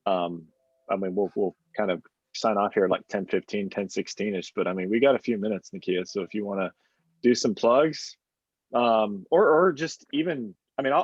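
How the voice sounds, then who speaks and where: Husky-voiced man hosting casually. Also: fairly low pitch, dry recording, muffled recording. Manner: casual, hesitant, many fillers. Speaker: host. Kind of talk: hosting a panel discussion.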